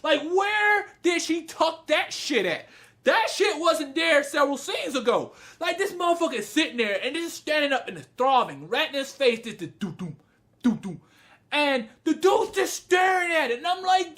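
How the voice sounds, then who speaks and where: Animated, excitable man telling stories. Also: normal speed. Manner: animated storytelling, bursts into loud high yelling; frequent swearing and laughter. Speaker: anime reviewer. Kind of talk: casual video review.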